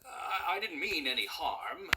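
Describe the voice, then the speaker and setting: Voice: mid-range voice, huge pitch swings, measured pace, background noise. A reader voicing a nervous man who stammers and hesitates, in a storybook read-aloud. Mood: flustered.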